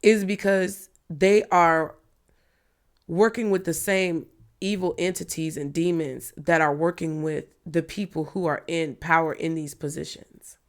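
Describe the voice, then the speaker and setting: Woman in her thirties, lowish voice, blunt and emphatic, candid talk straight to viewers. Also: steady tone, unhurried. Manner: blunt, emphatic, swears freely. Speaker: tarot reader.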